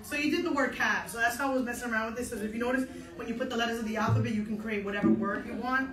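A step dance instructor leads an online lesson from an echoey dance studio, counting the beats out loud with a crowd audible behind her. Her voice sits on the high side and moves very fast, upbeat and encouraging, though she sounds a little out of breath.

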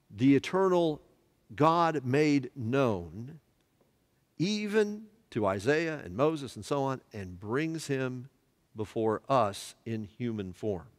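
Brief: unhurried male Bible teacher, lively rising and falling pitch, quizzes his class, long church-hall reverb. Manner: asks the class questions and has them fill in words.

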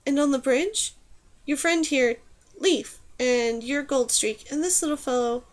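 A woman voicing a kind, curious young girl who asks gentle questions in a storybook reading. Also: sits high, a little slow.

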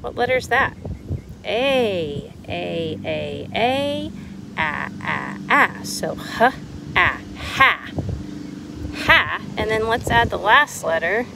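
A woman, teaching preschoolers a letter lesson outdoors in a sing-song, animated way. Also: medium pitch, slow, vocal fry. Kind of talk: children's lesson to camera. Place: outdoors in a yard with a lawnmower nearby. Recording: outdoor noise, lawnmower behind.

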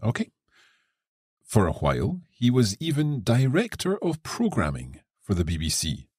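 A man co-hosting an English lesson podcast who reads short text passages aloud and explains them in a clear, encouraging way. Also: medium pitch, huge pitch swings, moderate pace, a little mellow, no echo, clean studio sound.

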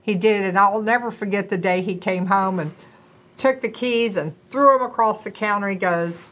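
A middle-aged woman co-hosts a conversational health talk. She explains things earnestly and at length. Her pitch is ordinary for a woman. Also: normal speed, fairly bright tone. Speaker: co-host, doctor's wife.

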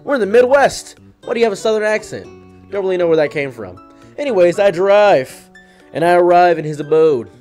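A young man hosting a comedic storytime, delivering it in a deadpan, mock-dramatic way with wry asides. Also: high-pitched, a little fast, faint music behind. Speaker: storyteller, channel host.

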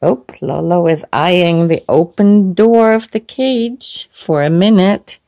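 A woman preschool teacher at home filming her pet bird on a phone, talking slowly and coaxingly to children and to the bird. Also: lowish voice. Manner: lively, coaxing, slow.

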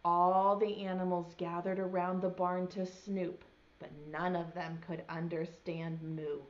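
A young woman preschool teacher reading a picture book aloud, gently stopping to ask the children questions. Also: on the low side, flat delivery, a little slow, highs cut off. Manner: gentle, asks children questions as she reads. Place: home video lesson.

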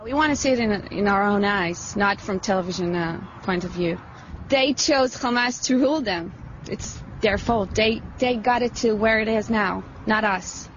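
A woman's voice: medium pitch, normal speed, dull audio, background noise. A woman giving blunt, matter-of-fact answers in a street interview.

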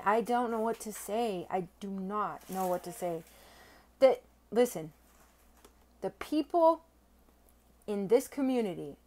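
Gushing, excitable young woman vlogger. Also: medium pitch. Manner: gushing, excitable, stammers and swears when overwhelmed. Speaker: silver-stacking vlogger. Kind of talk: casual unboxing vlog.

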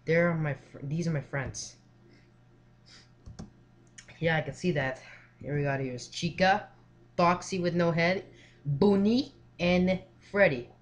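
A man's voice: on the high side, fairly even intonation, slow, long pauses. A young man hosting his gaming channel, talking casually through a horror game while feeling ill. He rambles with fillers and swears often when startled. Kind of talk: casual let's play commentary.

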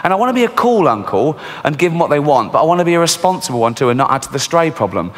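A middle-aged English man doing a stand-up routine, telling stories in a deadpan, sardonic way and often breaking into giggles. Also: on the high side, rapid-fire. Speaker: stand-up comedian. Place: large theatre stage. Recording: long theatre reverb, faint ambience.

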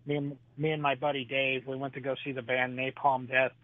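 A man who is a stand-up comedian telling his act in an interview, halting and full of "uh"s, chuckling between jokes. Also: medium pitch, little pitch movement, no echo. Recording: dry tinny phone line.

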